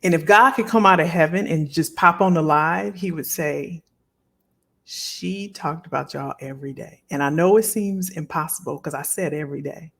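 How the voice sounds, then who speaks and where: A woman's voice: low voice, moderate pace, gravelly. A middle-aged woman, hosting a live stream as a career coach and talking to viewers in a folksy, heartfelt way. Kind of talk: emotional livestream chat with viewers.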